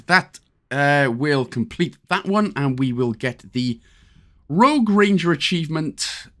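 A man's voice: medium pitch, a bit bright. A man with a Welsh accent giving a casual, jokey step-by-step game walkthrough as a channel host. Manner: chatty, jokey, step-by-step instructions.

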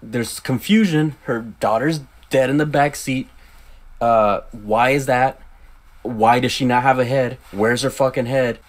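A young man reviews a horror film in a loose, profane rant. He retells scenes in a rush and jumps into quick acted quotes along the way. His pitch swings up sharply when he gets worked up. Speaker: movie reviewer. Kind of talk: casual movie review rant.

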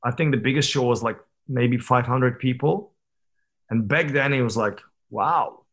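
Here a man past thirty, guesting on a podcast, works loosely through his stories in a casual interview. He speaks at a normal speed in a middle-range pitch, and his candid, reflective telling keeps circling back with fillers, restarts, and half-started words.

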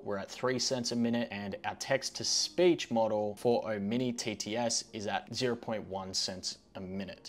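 A young man hosting a tech tutorial, chatty and easily amused. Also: lowish voice. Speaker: host.

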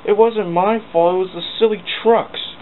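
A man's voice: fairly high pitch, expressive, voice pushed up. A man voicing a whiny, proud male steam engine who blames others, on a tinny, hissy recording. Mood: defensive. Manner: whining, quick to blame others. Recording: tinny lo-fi with hiss.

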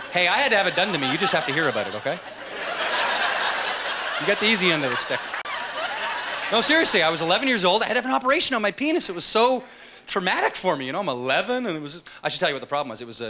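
A man's voice: high voice, very noisy. A man doing a stand-up comedy set on a live stage, in a loose, joking manner with rhetorical asides. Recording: live stage mic with loud crowd laughter.

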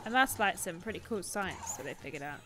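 A woman with a lowish voice, lively intonation and a fairly quick pace hosts a game livestream as streamer and show host. She gives casual let's-play commentary, playful and jokey, bantering with her chat.

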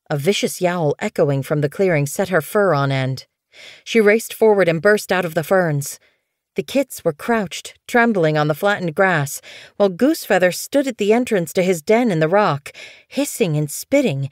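Low-voiced woman reading an audiobook. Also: no echo, studio quality. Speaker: audiobook narrator. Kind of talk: scripted narration.

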